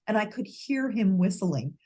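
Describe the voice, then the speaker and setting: A woman's voice: mid-range voice, big pitch swings, moderate pace, mellow. A woman co-hosting a heartfelt conversation, telling a personal story earnestly and restarting her sentences often. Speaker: grief educator, co-host. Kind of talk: reflective conversation.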